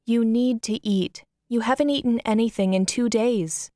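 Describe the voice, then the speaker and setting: Woman reading a gentle, coaxing mother. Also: on the high side, moderate pace, no echo, clean studio sound, natural voice. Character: caring mother, gentle and concerned.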